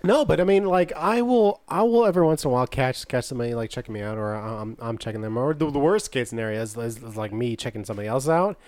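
A man co-hosting a podcast in casual chat, agreeable and quick to say yeah. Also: medium pitch, expressive, darkish tone, no echo. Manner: agreeable, many yeahs. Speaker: podcast co-host.

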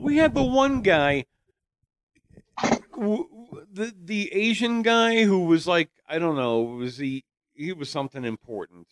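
Slow, wry high-voiced man. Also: expressive, dry recording. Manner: wry, sarcastic, profane. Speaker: podcast co-host. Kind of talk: casual podcast chat.

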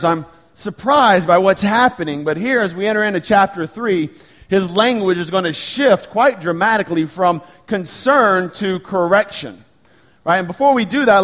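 A man in his thirties preaching a sermon as pastor, earnest and animated when he tells stories. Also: high-pitched.

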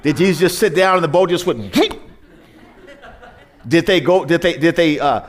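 A man's voice: on the high side, normal speed. A male pastor delivers a sermon in a slightly raised voice, retelling the story as if chatting with the congregation. He tosses out rhetorical questions, stumbles and restarts, and keeps the tone loose and conversational.

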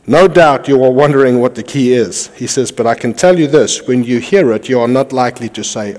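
A man pastor preaching a sermon, telling a story and acting out its dialogue in a lowered, hushed voice. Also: fairly quick, long reverb tail.

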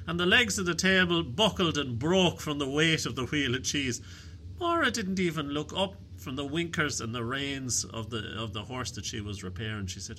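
Casting: male storyteller, bright voice, wry and animated. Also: fairly high pitch, normal speed. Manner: lively, wry, animated telling. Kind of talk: oral folk storytelling.

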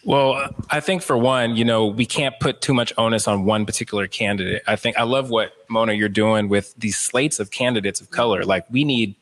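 A young man with a somewhat low voice speaks earnestly and reflectively. He works through his thoughts with frequent fillers. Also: fairly even intonation, normal speed, hardly any pauses, a bit bright, low-quality recording. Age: young adult. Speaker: former state representative, guest. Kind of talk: talk-show discussion.

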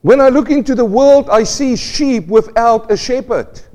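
Guy pastor preaching, fairly high voice, keeps throwing questions at the church, big hall echo. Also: normal speed, dark tone. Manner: preaching with rhetorical questions to the congregation. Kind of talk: sermon. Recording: long reverb of a church hall.

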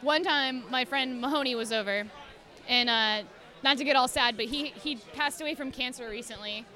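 A woman guest chatting casually in a podcast interview, telling animated stories, swearing freely and acting out her pets. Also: high voice, normal speed, some chatter behind. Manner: animated storyteller who swears casually and acts out her cats. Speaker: guest, cosplayer. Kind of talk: casual chat.

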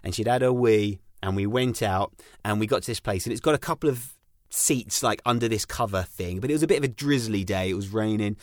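A man's voice: on the low side, a little fast, few pauses, dry recording, studio quality. A British man co-hosting a casual podcast chat. He tells stories with energy and acts out the voices of the people in them. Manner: animated storyteller, acts out voices. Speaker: podcast co-host.

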